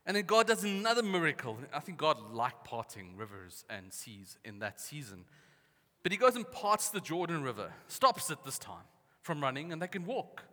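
A man preaching with bright, forceful energy, acting out the voices in his stories. His voice sits a touch high for a man and rings with a long reverb, as if he is speaking in a large hall. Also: normal speed. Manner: lively storytelling, acting out voices. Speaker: pastor. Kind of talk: sermon.

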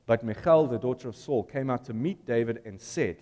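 A man's voice: mid-range voice, a little fast, warm tone, long reverb tail. A man preaching a sermon in a conversational, storytelling way, putting questions to the congregation.

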